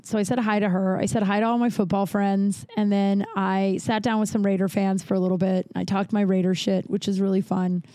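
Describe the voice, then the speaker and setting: A woman's voice: medium pitch, darkish tone, no echo. Chatty profane woman telling stories, dry sound. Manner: rambling, frank and profane, full of "like" and quoted asides. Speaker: podcast host. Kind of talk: casual storytelling.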